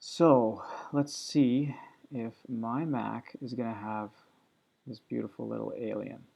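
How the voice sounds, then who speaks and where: A man teaching, talking through a screen-recorded software tutorial in a relaxed, step-by-step way. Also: medium pitch, takes it slowly, creaky, breathy edge. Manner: relaxed step-by-step walkthrough talk.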